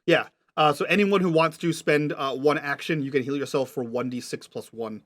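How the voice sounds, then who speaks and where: A man's voice: fairly high pitch, normal speed, fairly bright tone. A man narrating a tabletop game as game master, describing scenes patiently and checking what the players mean.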